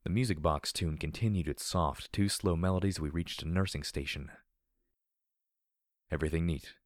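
A man narrating an audiobook of dark fan fiction in a steady, measured storytelling voice. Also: low-pitched, no echo, clean studio sound.

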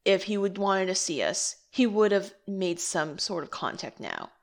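A woman's voice: mid-range voice, big pitch swings, normal speed. A woman voicing a bossy, scheming female ghost haunting a house, talking bluntly and swearing freely in an amateur audio drama.

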